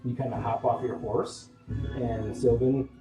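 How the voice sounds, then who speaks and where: A man's voice: mid-range voice, steady tone, a little slow, roomy sound, distant mic, music in the background, poor audio. A man running a tabletop game as game master, narrating a scene casually with lots of likes and ums.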